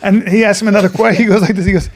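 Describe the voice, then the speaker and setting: High-voiced man telling a rowdy story. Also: rapid-fire. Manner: animated, profane, does voices of people in his stories. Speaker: podcast co-host. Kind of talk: casual storytelling chat.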